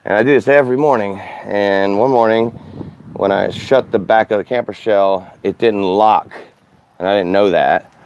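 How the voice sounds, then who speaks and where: A man's voice: fairly low pitch, moderate pace, a little mellow, clear, resonant tone, dull audio. A man in his forties, a former radio host, telling casual rambling stories about his life, often correcting himself and laughing at his own tales. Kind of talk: casual storytelling monologue.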